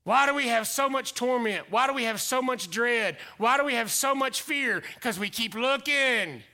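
A male pastor delivering a dynamic sermon, swinging between loud exclamations and hushed whispers. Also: very high voice, normal speed, creaky.

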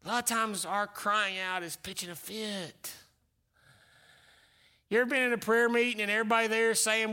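A male pastor delivering a dynamic sermon, swinging between loud exclamations and hushed whispers. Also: very high voice, fairly even intonation, moderate pace, clear, resonant tone.

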